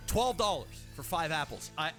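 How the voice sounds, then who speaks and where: High pitched guy casting starcraft-style games, animated storyteller, music under him. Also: moderate pace. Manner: animated storyteller, swears freely. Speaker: game caster. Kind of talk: casual esports commentary.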